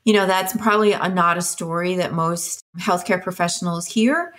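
A woman's voice: fairly low pitch, normal speed, a bit bright. A woman guest in an interview, speaking thoughtfully and reacting with short sympathetic sounds. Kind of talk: interview conversation.

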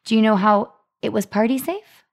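A woman's voice: on the high side, normal speed, creaky. A young woman co-hosting a chatty podcast, telling an upbeat story and reading out marketing details. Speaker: podcast co-host. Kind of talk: casual chat.

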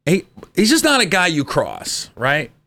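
A middle-aged man telling lively, profane stories in a casual podcast chat, jumping his pitch up for quoted voices. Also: unhurried. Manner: animated storyteller, swearing, jumps high for quoted voices. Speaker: podcast co-host.

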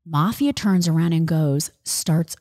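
A young adult woman in casual chat, telling an animated, swear-filled story and acting out the people in it. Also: low voice, measured pace. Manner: animated, swears freely, acts out voices in anecdotes.

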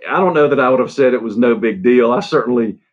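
A man interviewed as a guest, recounting events in a halting way, with fillers and soft laughs. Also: mid-range voice. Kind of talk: interview storytelling. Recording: dull lo-fi sound.

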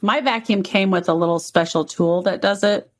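A woman's voice: medium pitch, normal speed. Agreeable woman podcast co-host. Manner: agreeable, rambling with fillers. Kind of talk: casual chat.

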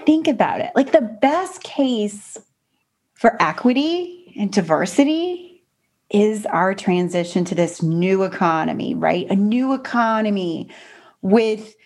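A woman hosts a podcast in a casual, conversational way. She speaks emphatically, and her voice leaps upward whenever she stresses a point. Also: slow. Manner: animated, emphatic, pitch jumps up for emphasis. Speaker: podcast host.

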